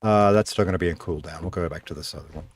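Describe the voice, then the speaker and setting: This gamer has a deep, slightly rough voice and a quick pace. He rambles casually on a live stream, thinking aloud and talking to his audience through a noise-gated streaming mic.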